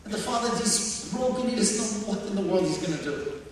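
A man giving a sermon as a guest speaker, talking emphatically and building up to shouts. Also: sits high, lively intonation, brisk, a little hiss or hum. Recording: distant echoey hall.

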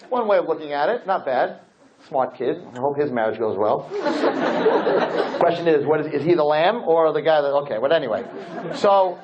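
Animated, joking rabbi teaching a class. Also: male voice, a little high, moderate pace, a faint crowd. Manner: animated, jokey, acts out scenes. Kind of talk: lively storytelling lesson. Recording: dull lo-fi with faint noise.

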